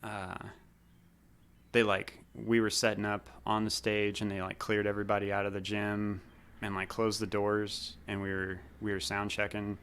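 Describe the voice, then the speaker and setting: A man in his thirties from Missouri talks in a loose, rambling way full of fillers. His voice sits low but sounds bright and crisp. He tells stories easily, like a guest recalling old times. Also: monotone, normal speed. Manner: rambling, laid-back storytelling with fillers. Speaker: guest, former drummer. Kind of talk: casual interview chat.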